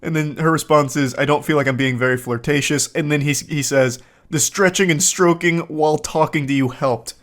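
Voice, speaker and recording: A man in his thirties reads out text messages in a dry, deadpan way. His voice sits a touch high for a man, and he jumps into loud, disbelieving outbursts between the quoted lines. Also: normal speed, hardly any pauses. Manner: deadpan with sudden incredulous outbursts. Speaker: commentator reading text messages. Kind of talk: comedic commentary.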